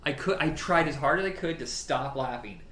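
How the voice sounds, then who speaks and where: A man in casual conversation about films, lively and profane, quick to laugh. His voice rings in a roomy space, with faint background noise beneath it. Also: medium pitch. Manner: animated, swears freely, laughs often. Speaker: podcast co-host. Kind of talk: casual film chat.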